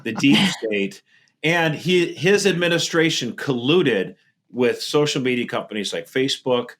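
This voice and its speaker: A man's voice: medium pitch, animated, unhurried, fairly bright tone. A man co-hosting a podcast, giving casual political commentary in a mocking, incredulous tone. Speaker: podcast co-host.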